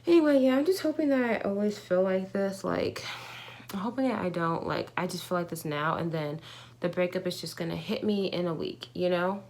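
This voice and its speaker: Low, gravelly-voiced young woman vlogging. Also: brisk, a little mellow. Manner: rambling, candid, many fillers and restarts. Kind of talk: casual confessional vlog.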